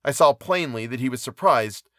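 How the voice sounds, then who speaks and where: A man reading a classic novel aloud in a measured, even narration. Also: medium pitch, no echo, studio quality. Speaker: audiobook reader.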